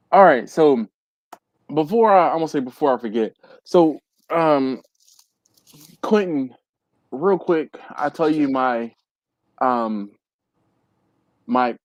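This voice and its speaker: A man's voice: medium pitch, dry recording, highs cut off. A man hosting a live stream, telling a long casual story and acting out the people in it. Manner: animated, acts out quoted people.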